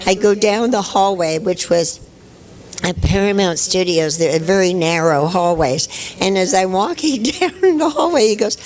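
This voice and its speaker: An older actress at a convention panel, telling chatty, anecdotal stories and laughing often. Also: female voice, lowish voice, lively intonation, unhurried, darkish tone, poor audio.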